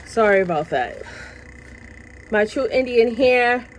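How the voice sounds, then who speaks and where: A woman's voice: on the high side, animated, slow pace, slight background noise, poor audio. A woman vlogging casually from her workplace, chatty and passionate, repeating herself and tagging her lines with "okay?". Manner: passionate, now and then gets loud. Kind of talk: casual chat to camera. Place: at work, indoors.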